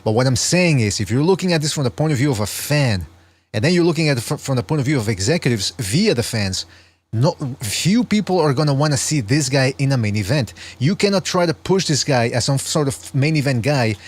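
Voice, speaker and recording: A man's voice: medium pitch, animated, a little fast. A man hosting a podcast, commenting on a sparring clip with wry, rambling asides. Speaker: podcast host.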